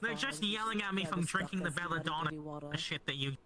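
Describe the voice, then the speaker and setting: A man's voice: high-pitched, brisk, crowd noise. A man in a live-streamed roleplay explaining things in a matter-of-fact way during casual in-character banter. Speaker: role-player in a live-streamed academy roleplay.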